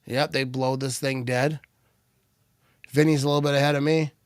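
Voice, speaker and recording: Upbeat man calling plays, smooth voice. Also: mid-range voice, moderate pace, no room sound, studio quality. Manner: excited, rising play-calling between relaxed asides. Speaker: livestream watch party host. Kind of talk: casual play-by-play and chat.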